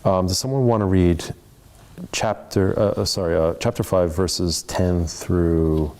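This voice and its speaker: A man's voice: deep voice, steady tone, measured pace, dark tone. A man leading a church Bible study in an earnest, conversational way, full of rambling asides. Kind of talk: casual teaching.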